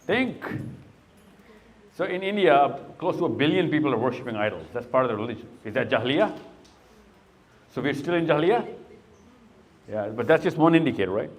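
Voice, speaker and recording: A man's voice: mid-range voice, animated, brisk, pauses often. A middle-aged man speaking to young people in a live talk, quizzing them patiently and then telling a long story. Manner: questioning, coaxing and storytelling.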